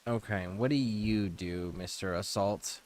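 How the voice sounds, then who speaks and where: A man's voice: fairly low pitch, unhurried, darkish tone. A man streaming a video game, reading menus aloud and chatting loosely with casual profanity. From United States. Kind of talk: casual gameplay commentary.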